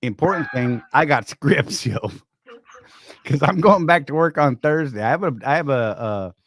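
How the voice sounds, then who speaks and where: A man's voice: a little high, lively intonation, moderate pace. A man co-hosting a trucking livestream, joking and rambling in a casual chat while greeting viewers by name.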